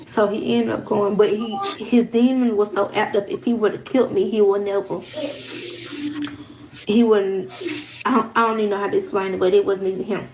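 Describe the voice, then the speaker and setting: A young woman tells a storytime tale to her viewers, looping back over her words and leaning on casual slang. Her voice has a rough, creaky texture. A steady hiss of background noise sits under the recording. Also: mid-range voice, brisk, low-quality recording. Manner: rambling, repeats herself, casual slang. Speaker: vlogger.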